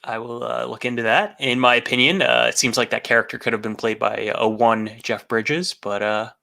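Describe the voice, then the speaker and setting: Gravelly, bright-toned male podcast co-host. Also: medium pitch, fairly even intonation. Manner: jokey, many filler pauses. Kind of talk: casual chat.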